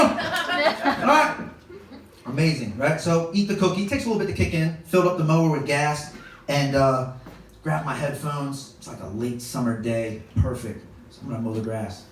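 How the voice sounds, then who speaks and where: A man performing stand-up comedy on a club stage, telling a story animatedly and acting out the quoted voices. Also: medium pitch. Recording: distant mic, roomy echo, audience noise. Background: audience laughter.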